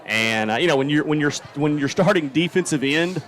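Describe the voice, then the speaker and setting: A man giving color commentary at a live high school football game, folksy and analytical. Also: lively intonation, a little fast, a bit bright, a little hiss or hum.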